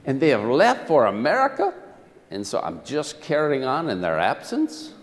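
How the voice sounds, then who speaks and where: A man playing an earnest Irish pub regular who calmly explains himself to the barkeep. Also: medium pitch, moderate pace, natural voice. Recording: echoey hall.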